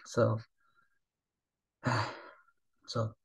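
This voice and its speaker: Halting man in his thirties. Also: medium pitch, poor audio. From Japan. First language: Japanese. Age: 30s. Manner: halting broken English, often trailing off softly. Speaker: reaction video host. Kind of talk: rambling casual monologue.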